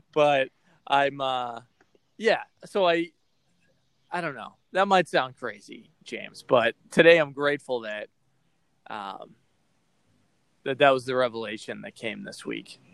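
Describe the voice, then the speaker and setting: A man's voice: mid-range voice, lively intonation, slow, vocal fry, pauses often, a bit bright, no room sound. A man from Boston hosting a podcast, talking candidly and rambling with lots of fillers. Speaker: podcast host. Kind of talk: casual podcast chat.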